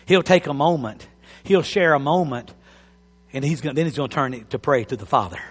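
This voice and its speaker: A man preaching a sermon, animated and repeating phrases for emphasis. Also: mid-range voice, a little fast, husky, big-room sound. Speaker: pastor.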